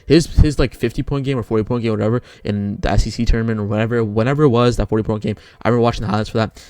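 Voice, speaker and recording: A man's voice: lowish voice, fairly even intonation, very fast, darkish tone, smooth, dry recording. A young man casually talking through his bracket picks, rambling and often correcting himself. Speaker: sports video creator.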